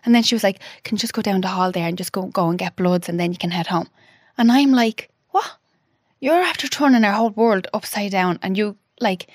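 A woman in her thirties, a podcast guest telling an emotional personal story. She talks haltingly, with restarts and quoted dialogue. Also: medium pitch, dry recording, clean studio sound.

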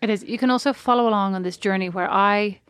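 A woman's voice: mid-range voice, quick pace, smooth, no echo. Dry, sarcastic woman co-host. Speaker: podcast co-host. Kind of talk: casual chat.

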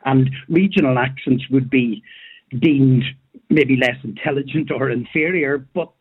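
A man's voice: mid-range voice, measured pace, husky, narrow, tinny audio. A man with a Northern Irish accent, a drama tutor, speaking as a radio guest in a thoughtful, hesitant way with many fillers. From Northern Ireland. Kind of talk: radio discussion.

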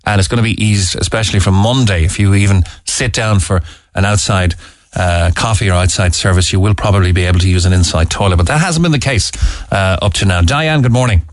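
Measured Irish radio host, low and dry. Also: male voice, dry recording. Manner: measured, hesitant, with frequent ums. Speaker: radio presenter. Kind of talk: radio phone-in chat. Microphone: studio mic.

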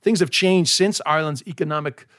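A man's voice: on the high side, fairly quick, fairly bright tone, no room sound, studio quality. A man with an American accent, a comedian talking as a podcast guest in a frank, self-mocking way with plenty of swearing. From New York, USA. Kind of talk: candid casual chat.

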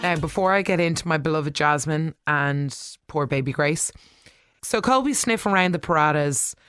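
A soap opera recap vlogger gives a chatty, opinionated episode rundown, often talking back to the characters and filling her talk with "like" and asides. The voice is medium-pitched, smooth and fairly bright at a normal speed, with faint music behind.

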